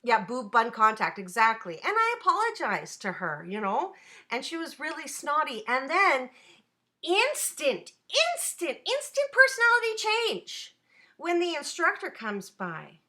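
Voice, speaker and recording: High, bright-voiced woman ranting on a stream. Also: measured pace. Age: adult student. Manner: animated, swearing, chatty asides to chat. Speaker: live streamer. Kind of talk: casual live-stream rant.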